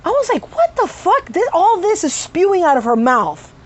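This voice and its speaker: Woman, high-pitched, casual story time, lots of swearing, sudden vocal tics. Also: normal speed. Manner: profane, animated storytelling with vocal tic outbursts. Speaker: vlogger telling a story.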